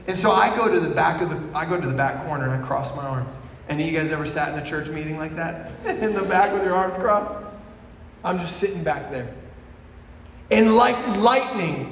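A young man preaching a testimony sermon, telling his story, swinging from hushed to shouting. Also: a little high. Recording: echoey hall from far off with faint noise.

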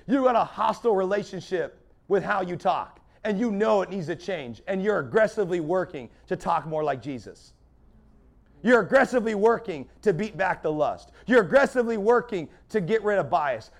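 A man preaching a sermon as pastor, fiery and building in intensity. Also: high voice.

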